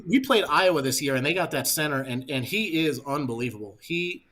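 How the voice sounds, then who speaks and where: A man who coaches football, talking through blocking schemes in a halting way and restarting words as he thinks. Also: a little high, expressive, fairly bright tone. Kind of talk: casual coaching chat.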